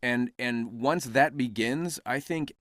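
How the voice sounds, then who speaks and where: A man's voice: medium pitch, slow pace, no echo, studio quality. A man being interviewed as a voice actor on a casual podcast, telling stories and acting out quoted exchanges. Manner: animated storyteller who acts out quoted exchanges. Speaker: voice actor guest.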